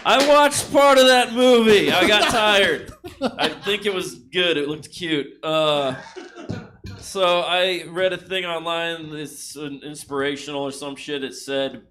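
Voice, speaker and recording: A man's voice: on the high side, measured pace, sharp tone, slight background noise. A male comedian doing a stand-up set on a theater stage, with a laid-back, chuckling delivery.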